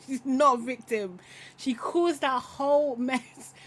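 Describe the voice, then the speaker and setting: Woman ranting on a live recap show, opinionated, laughy, slightly high voice. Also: slow pace, slight background noise. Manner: animated, opinionated, laughs often, trails off mid-thought. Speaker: podcast host reacting to a reality show. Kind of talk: casual live recap chat.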